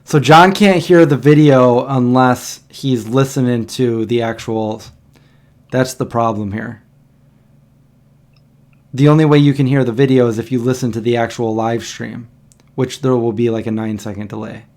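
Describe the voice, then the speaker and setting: A man's voice: mid-range voice, fairly even intonation, normal speed, darkish tone. Chatty man hosting a livestream. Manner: chatty, rambling, reacting to old videos. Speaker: livestream host. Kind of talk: casual livestream chat.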